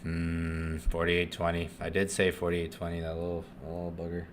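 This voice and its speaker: A man hosting a live trading stream, chatting loosely and swearing, swinging from hyped call-outs to low muttering. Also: monotone, normal speed, slight background noise. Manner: loose and profane, swings between hype and muttering. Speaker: forex trading livestream host. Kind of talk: casual live-stream chat.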